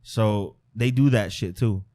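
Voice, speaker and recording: A man's voice: on the low side, slow, dark tone. A man co-hosting a podcast, talking in a slangy, laid-back casual chat. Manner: slangy, laid-back, says bro a lot.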